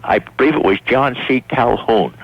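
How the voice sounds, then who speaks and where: A man's voice: mid-range voice, normal speed, dry recording. A man calling a talk radio show, rambling and hesitant while praising the host. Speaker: caller. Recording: dry muffled radio phone call.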